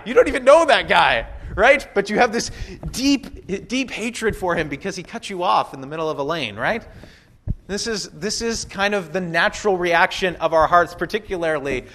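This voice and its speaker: A man preaching in a relaxed, conversational way, with casual asides and playful quoted voices. His voice sits a little higher than most men's. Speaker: pastor. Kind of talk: sermon.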